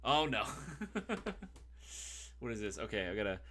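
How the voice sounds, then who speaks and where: A man hosting a casual live stream Q&A, excitable and profane, who laughs easily. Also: lowish voice, a little slow.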